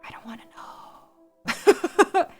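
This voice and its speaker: A woman's voice: a little slow, darkish tone, in a whisper, soft background music. A young woman streaming, chatting casually with her viewers in an anxious, rambling way, often repeating herself. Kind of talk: casual livestream chat.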